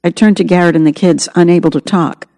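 A woman's voice: fairly low pitch, steady tone, quick pace, mellow, in a large hall. A woman narrating her own memoir as an audiobook, in an earnest, reflective way.

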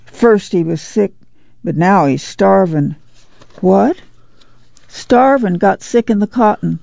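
A reader voicing a starved farm boy who speaks in a croaking monotone. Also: medium pitch, slow pace, dry recording, highs cut off, heavily acted. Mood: flat.

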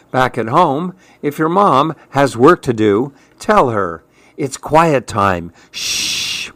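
A man reading a children's picture book aloud in a gentle, playful way. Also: medium pitch, dry recording. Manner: gentle, playful, slow storytelling. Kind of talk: storybook read-aloud.

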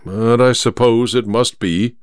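A man's voice: medium pitch, fairly even intonation, measured pace, smooth, dry recording, studio quality, natural voice. A man reading an audiobook, voicing an anxious, earnest male companion who pleads with alarm. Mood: worried.

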